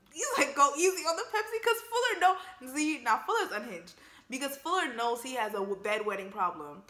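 A young woman giving casual, joking movie commentary in an emphatic, animated way. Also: fairly high pitch, roomy sound. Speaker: vlogger reacting to a film.

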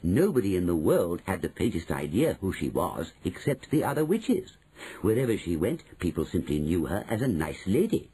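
A man's voice: deep voice, very animated, dark tone, husky, pitched below the performer's own voice, full character voice, rough recording. A man voicing a shrewd old grandmother. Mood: measured. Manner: slow, measured and knowing. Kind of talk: audiobook reading.

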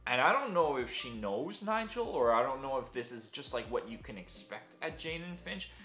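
A young man tells a story in a casual, self-deprecating way, with lots of fillers. His voice swings lively and sounds bright. The room is echoey, with faint music behind. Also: mid-range voice, moderate pace. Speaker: vlogger.

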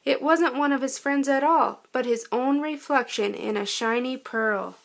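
A woman reading a children's storybook aloud in a gentle, expressive way. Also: high voice, measured pace, gravelly. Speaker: storybook narrator.

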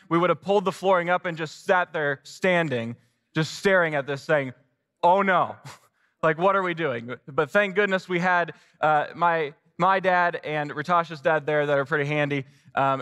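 A man's voice: fairly high pitch, a bit bright. A man preaching a sermon, telling a personal story casually, poking fun at himself, with lots of restarts and acted-out quotes. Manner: casual, self-deprecating, many restarts and quoted asides. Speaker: pastor. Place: large church sanctuary. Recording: long hall reverb from a church sanctuary.

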